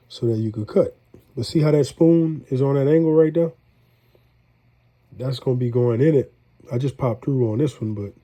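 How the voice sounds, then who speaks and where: Middle-aged New home cook, stuffy nose, husky, easygoing rambler. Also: male voice, mid-range voice, warm tone. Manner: folksy, rambling, chatty with viewers. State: congested. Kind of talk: casual cooking vlog.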